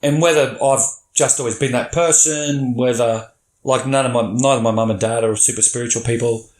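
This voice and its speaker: A middle-aged man speaks as a podcast guest, candid and blunt, with swearing dropped freely into animated stories. His voice sits at an ordinary middle pitch. The room around him is noticeably echoey. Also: fairly quick. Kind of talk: candid storytelling chat. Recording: roomy echo.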